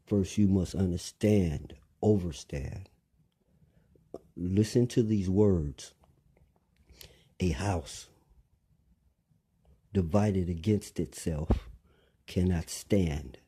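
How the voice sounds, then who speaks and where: A man's voice: sits low, warm tone, husky. A man delivering a rambling monologue, lecturing listeners, repeating phrases and asking them pointed questions.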